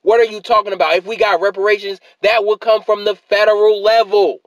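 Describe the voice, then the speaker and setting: A man's voice: high voice, level tone, fairly quick, no echo, muffled recording. Exasperated man ranting, dry close sound. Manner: exasperated, repeatedly asks what are you talking about. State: tired after a work shift. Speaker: political commentator. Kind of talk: ranting video essay.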